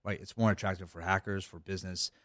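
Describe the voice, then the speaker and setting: A man speaks as an interview guest in a low, deep voice. He rambles, restarting phrases and leaning on fillers. The sound is dry and close. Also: flat delivery, fast talker, fairly bright tone, no room sound. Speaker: cybersecurity guest. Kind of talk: casual interview talk.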